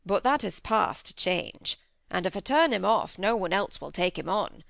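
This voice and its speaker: A woman's voice: mid-range voice, expressive, a little slow, gravelly, a bit bright, dry recording, clean studio sound. A woman voicing a grave, pious middle-aged male minister and farmer who speaks in an earnest, solemn, preaching cadence.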